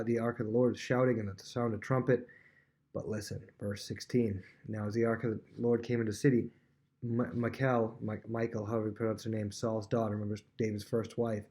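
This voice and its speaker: A male teacher walks through a Bible passage in a relaxed, conversational tone. He tells the story with animated asides and informal fillers, as if talking to students. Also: mid-range voice. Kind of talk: casual Bible lesson.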